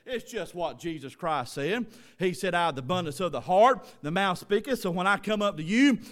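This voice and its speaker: Pastor guy preaching hard, high voice, gets loud. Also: expressive, a little fast. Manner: preaching with rising shouted emphasis. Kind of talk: sermon.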